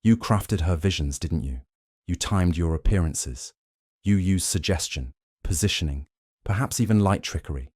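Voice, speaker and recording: A man voicing a shrewd, theatrical male detective, delivering measured, dramatic accusations sprinkled with French phrases in an audiobook reading. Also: deep voice, animated, a little mellow, slightly rough, no echo, clean studio sound. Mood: accusing.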